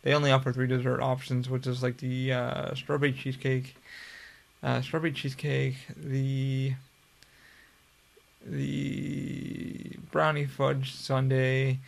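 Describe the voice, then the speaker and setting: A man's voice: mid-range voice, completely flat delivery, slow, gravelly. A young man hosting a podcast, telling a long story in a casual, profane, rambling way. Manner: profane, rambling, laid-back. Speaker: podcast host.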